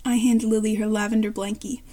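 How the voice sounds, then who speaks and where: A woman's voice: medium pitch, flat delivery, a little fast, dark tone. A woman reading a fan story aloud as narrator, in plain narration with small self-corrections.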